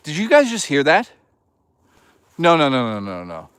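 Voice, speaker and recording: A man's voice: fairly high pitch, huge pitch swings, moderate pace, fairly bright tone, clear, resonant tone, no echo, studio quality. A man live-streaming from a woodland hike, rambling and swearing as he jokes and reads chat. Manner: rambling, profane, jokey. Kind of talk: casual live-stream chatter.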